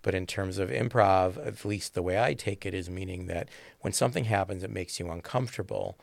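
In a brisk, creaky, low-pitched voice with no echo, an improv instructor rambles thoughtfully through a conversational interview, using fillers and checking in with "right?" again and again.

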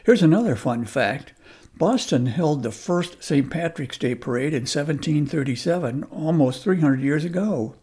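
A man's voice: on the high side, expressive, normal speed, darkish tone, husky. A man hosting a scripted radio commentary, wry and folksy in tone. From United States.

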